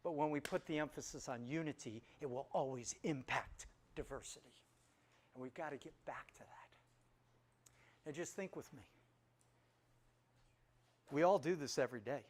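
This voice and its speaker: A man preaching a lively sermon, animated and emphatic, repeating his key phrases for effect. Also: a little high. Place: church service on Kauai.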